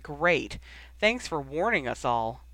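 A man reading aloud plays an exhausted older brother who talks bluntly and roughly, worn down and impatient. The voice sits a little high and is recorded close and dry. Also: big pitch swings, slow pace, pushed and bright, no echo, full character voice. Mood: exasperated.

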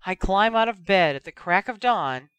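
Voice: medium pitch, expressive, normal speed, fairly bright tone, smooth, no echo, close to an everyday voice. A reader voicing Ron, a sleepy, sulky young wizard who grumbles and sighs dramatically. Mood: grumbling.

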